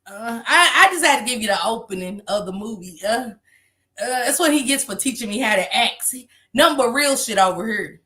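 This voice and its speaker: A woman with a high, bright, sharp voice hosts a casual commentary livestream, gossiping with profane energy and laughing a lot. She talks fairly quickly with lively intonation, rambling, apologizing and cracking herself up.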